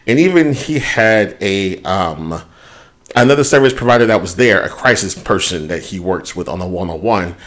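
This is a man with a fairly low voice, talking in a relaxed, unfiltered way on a podcast. He swears freely and works through a rough day out loud as he chats with his co-host. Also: moderate pace. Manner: candid, swears freely, talks through a hard day at length. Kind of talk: casual chat.

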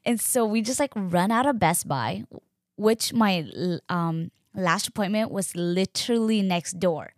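A woman's voice: mid-range voice, a little slow, no echo. Chatty young woman, dry close sound. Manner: animated, chatty, fills speech with "like", acts out quotes. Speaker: podcast host. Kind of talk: casual storytelling.

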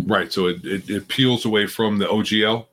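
A man's voice: lowish voice, steady tone, moderate pace, a bit bright, a little hiss or hum. An older man co-hosting a livestreamed tabletop gaming talk show, giving frank opinions and teasing his co-host. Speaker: podcast co-host. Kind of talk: casual livestream chat.

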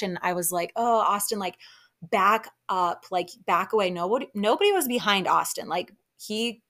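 Chatty woman podcast host. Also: mid-range voice. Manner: chatty and animated, lots of "like" and laughs. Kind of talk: casual reality TV recap chat.

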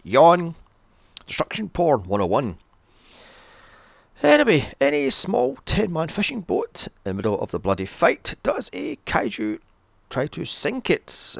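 A man's voice: on the low side, gravelly, a bit bright, dry recording. A man recapping a film in a sarcastic, exasperated rant, swearing constantly. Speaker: film reviewer. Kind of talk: profane ranting film recap.

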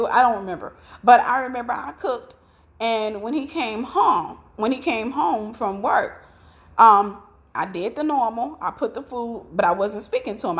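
Woman preaching through a personal story. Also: mid-range voice. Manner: storytelling, conversational, emphatic.

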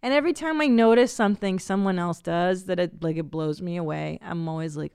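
Woman host, 40s, gravelly voice, chatty and self-mocking, dry studio sound. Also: fairly low pitch, brisk, dry recording. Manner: chatty, self-deprecating, rambling. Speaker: podcast host. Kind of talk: casual comedic monologue.

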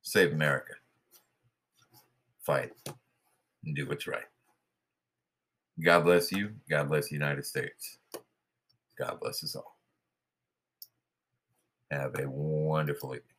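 Deep raspy guy hosting a podcast, lots of uhs. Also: fairly even intonation, slow pace, pauses often, a bit bright. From New York. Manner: hesitant, many fillers. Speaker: podcast host. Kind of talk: casual podcast commentary.

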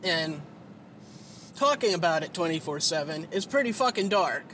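A man's voice: fairly high pitch, lively intonation, moderate pace, a bit bright. A tired, sleepy man rambling in a casual monologue, swearing often and full of fillers while he drives. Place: inside a car while driving. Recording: road and engine noise in a car. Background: vehicle noise.

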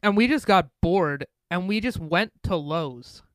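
A man's voice: sits high, lively intonation, measured pace, dry recording. A man co-hosting a casual chat, telling anecdotes with jokes and casual swearing. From Pacific Northwest of the US.

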